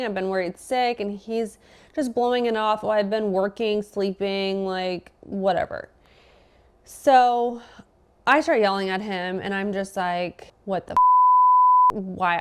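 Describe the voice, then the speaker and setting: A woman's voice: mid-range voice, clear, resonant tone. A young adult woman, a podcast guest, telling a personal story in casual chat and acting out both sides of the conversation.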